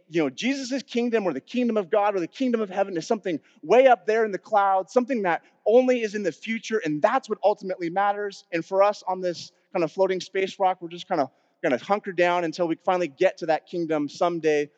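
A man's voice: high voice, a little fast, a little mellow. A male pastor preaching an earnest, emphatic sermon and quoting scripture, recorded in a church sanctuary. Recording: dull sound with long hall reverb.

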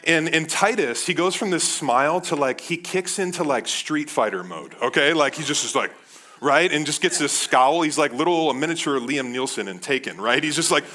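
A man in his thirties preaching a sermon as pastor, animated, often calling his listeners "guys". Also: fairly high pitch, moderate pace. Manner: animated, addresses the crowd as guys.

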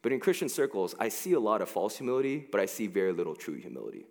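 A man preaching a casual, joking sermon into a headset mic, talking in an animated way with lots of fillers. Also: fairly low pitch, rapid-fire, long reverb tail.

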